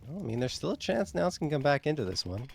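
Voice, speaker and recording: A man calling live esports play-by-play, quick and excitable, rising sharply at big plays. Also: a little high, creaky, breathy edge.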